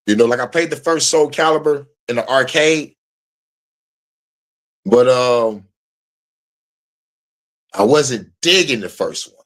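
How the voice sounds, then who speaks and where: A man's voice: mid-range voice, a little slow, pauses often. Laid-back profane man reminiscing. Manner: profane, laughing, excited storytelling. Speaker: podcast host. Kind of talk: casual chat.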